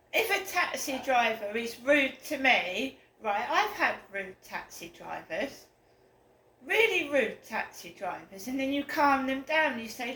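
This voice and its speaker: Rambling, indignant woman, bright tone. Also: high voice, very animated, unhurried. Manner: rambling, indignant, gets worked up. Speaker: vlogger. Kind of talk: casual storytelling to camera. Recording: roomy echo, faint room noise.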